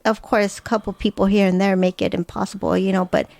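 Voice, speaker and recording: A woman talks as a podcast guest, her delivery halting and full of fillers. Her voice has a gravelly fry and sounds dry and close, with no room around it. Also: mid-range voice, little pitch movement, darkish tone, no echo. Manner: hesitant, filler-heavy storytelling. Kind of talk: casual chat.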